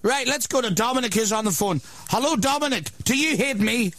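A man's voice: extremely high pitch, animated, fairly quick, fairly bright tone, voice pushed up. A man playing an outrageous radio shock jock who insults his callers, in a wobbly put-on Northern Irish accent. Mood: mocking. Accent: put-on Northern Irish, wavering. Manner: insulting callers, blustering, cutting people off. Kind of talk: comic radio parody.

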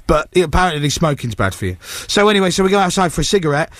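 A man with a high voice rants through a story as a radio host, animated and exasperated. The sound is dry and close, with no room around it. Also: fast, no echo. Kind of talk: ranting anecdote on air. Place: radio studio.

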